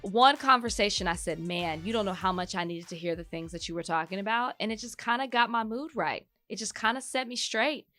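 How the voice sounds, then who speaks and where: A woman co-hosting a podcast in animated casual chat, laughing often. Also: mid-range voice, fairly quick, few pauses, no room sound, soft background music. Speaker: podcast co-host.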